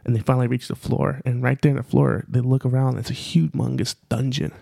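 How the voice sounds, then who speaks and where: Podcast co-host, male, gravelly voice, loose rambling storyteller, dry close mic. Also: medium pitch, flat delivery, brisk, warm tone, no room sound. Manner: rambling, filler-heavy telling with repeated phrases. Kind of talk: casual storytelling.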